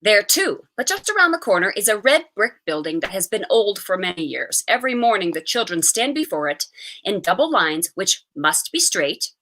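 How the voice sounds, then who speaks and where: Lady reading a story out loud, super lively, bright voice. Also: medium pitch, normal speed. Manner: expressive, animated reading. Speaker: reader. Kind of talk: reading a short story aloud.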